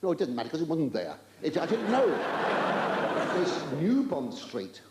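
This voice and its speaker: A man's voice: fairly high pitch, huge pitch swings. Older man, camp stand-up comedian on stage. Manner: camp, rambling asides with drawn-out exclamations and stammers. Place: large theatre stage with an audience. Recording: roomy live theatre recording with audience noise.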